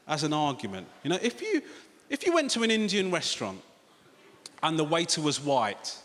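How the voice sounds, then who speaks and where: A man with an English accent doing a stand-up comedy set on a large theatre stage, animated and swearing, with mocking asides to the crowd. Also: a little high, normal speed. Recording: roomy live theatre recording with loud crowd noise.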